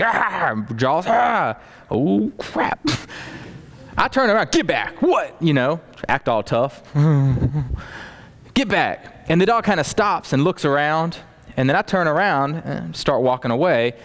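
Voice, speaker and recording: A man preaching a storytelling sermon to a congregation, animated, acting out scenes and adding folksy asides. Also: fairly high pitch. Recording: long hall reverb.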